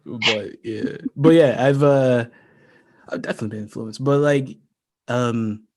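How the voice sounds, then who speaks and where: A man's voice: medium pitch, a little slow, no echo. An American man chatting casually on a livestream, rambling with lots of "like" and frequent laughs. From United States. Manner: relaxed and rambling, many "like"s, laughs often. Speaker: creator talking about his fantasy world.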